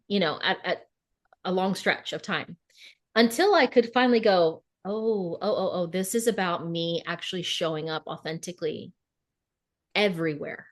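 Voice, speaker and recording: A woman co-hosting a podcast over a video call, telling stories in a casual, animated way and acting out her own inner dialogue. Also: medium pitch. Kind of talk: casual conversational podcast chat.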